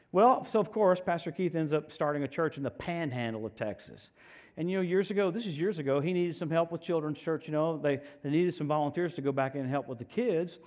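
A male preacher with a high-pitched voice delivers his sermon with animation and humor. He swings from loud, excited bursts to quiet, confiding asides. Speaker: pastor.

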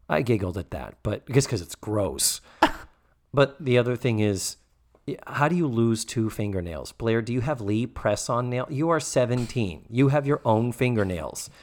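A man co-hosting a podcast, recapping a TV episode with sarcastic, animated storytelling. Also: mid-range voice, unhurried. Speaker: podcast co-host. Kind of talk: casual show recap.

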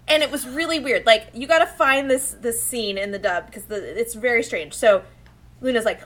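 A woman's voice: a little high, brisk, fairly bright tone. A woman chatting casually about an anime episode, animatedly retelling scenes and acting out the characters' lines.

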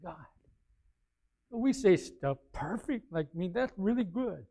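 A male pastor preaching a sermon, animated, swinging between quiet asides and loud bursts. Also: high-pitched, measured pace. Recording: slightly dull, lo-fi sound.

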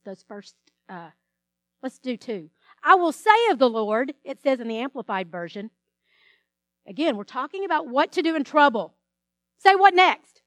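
Female pastor, middle-aged, high voice, emphatic sermon delivery, dry recording. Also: no room sound. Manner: preaching with dramatic quoted voices and emphatic scripture reading.

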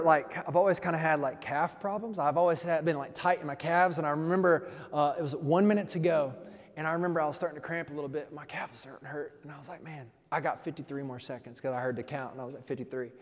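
A man's voice: fairly high pitch, long reverb tail. A man pastor preaching a conversational sermon, telling stories in a playful way.

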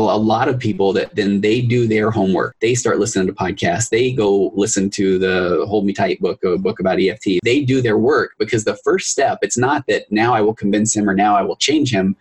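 A middle-aged man, a marriage and family therapist, talking as a guest on a podcast and telling client stories with lively acted-out voices. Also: on the low side, husky, low-quality recording. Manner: fast, animated storytelling, acts out clients' voices. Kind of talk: podcast interview.

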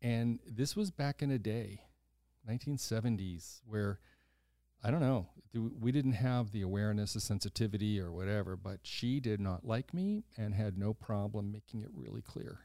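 Mellow-voiced older man telling a story. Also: fairly low pitch, moderate pace, no room sound, studio quality. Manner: animated storyteller who acts out quoted voices, blunt and swears casually. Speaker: podcast host. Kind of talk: casual storytelling conversation.

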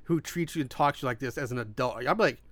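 A man's voice: mid-range voice, quick pace, a bit bright, no echo. A man chatting casually about a film on a podcast, rambling with lots of "like" and laughing often. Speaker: podcast co-host. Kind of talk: casual movie chat.

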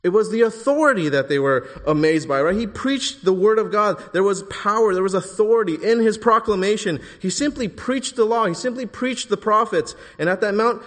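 A man's voice: high-pitched, lively intonation, brisk, few pauses. Emphatic male preacher in a reverberant hall. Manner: emphatic, rising to forceful bursts on key phrases. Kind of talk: sermon.

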